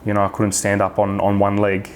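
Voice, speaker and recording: Frank, low-voiced Australian man. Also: monotone, brisk, a little hiss or hum. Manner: frank, swears freely, many restarts and fillers. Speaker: guest. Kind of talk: casual podcast chat.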